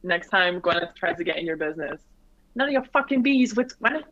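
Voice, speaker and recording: A woman's voice: lowish voice, animated, a little fast, a bit bright. A woman doing a brash, foul-mouthed character in an Australian accent. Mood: cheeky. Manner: blunt, cheeky, swearing. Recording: dull lo-fi.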